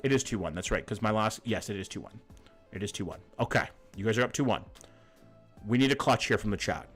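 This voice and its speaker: A man's voice: on the low side, expressive, fast talker, fairly bright tone, faint music behind. Chatty young man streaming, thinking aloud. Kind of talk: live-stream commentary with chat.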